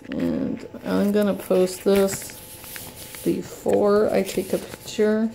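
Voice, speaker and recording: A woman filming a casual unboxing vlog at home, talking haltingly with many fillers, anxious and in pain. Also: mid-range voice, wildly swooping pitch, gravelly, warm tone, a little hiss or hum. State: anxious and in pain, hand shaking. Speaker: vlogger. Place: home, indoors.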